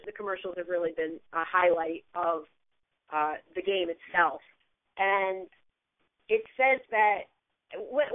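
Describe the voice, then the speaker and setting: A woman's voice: mid-range voice, dry recording. Woman co-hosting sports radio, phone-like sound. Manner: chatty and enthusiastic, frequent restarts. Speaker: radio show co-host. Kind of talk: casual sports radio chat. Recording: phone-like narrow band.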